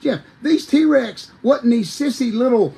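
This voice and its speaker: A man, a former wrestler telling lively, folksy stories as a podcast guest, talking straight to his listeners. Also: extremely high pitch, a little slow, vocal fry, rough recording. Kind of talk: animated storytelling on a podcast.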